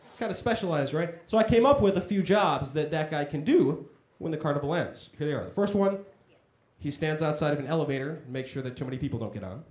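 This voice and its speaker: A man's voice: on the high side, animated, fast talker, darkish tone, slight background noise. A man doing a stand-up comedy set on a club stage, talking in a conversational, self-deprecating way and acting out voices in his stories. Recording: echoey comedy club room.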